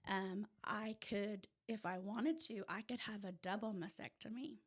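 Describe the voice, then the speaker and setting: Animated Oklahoma woman telling her story. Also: medium pitch, measured pace. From rural Oklahoma. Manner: animated storyteller who drops to a hush at tense moments. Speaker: guest. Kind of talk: candid personal testimony in casual chat. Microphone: audio-only podcast mic.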